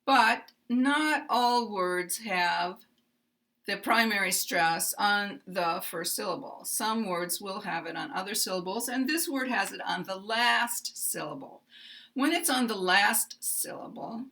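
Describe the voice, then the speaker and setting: This pronunciation teacher is an American woman whose voice sounds bright and forceful. She speaks in a slow, deliberate manner, and her example phrases swing high and low in pitch on purpose.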